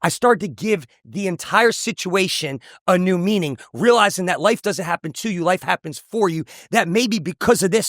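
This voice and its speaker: A man's voice: high-pitched, a bit bright, dry recording, clean studio sound. A man, a motivational speaker, telling an emotional personal testimony in an intense, earnest way. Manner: intense, earnest storytelling with repetitions.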